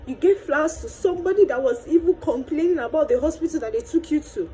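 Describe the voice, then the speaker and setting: A young woman vlogger talks fast in a high, warm, expressive voice, her Nigerian accent coming through poor audio with slight background noise. Through tears she pours out her hurt to the camera, mixing Pidgin and Yoruba and repeating pleading questions.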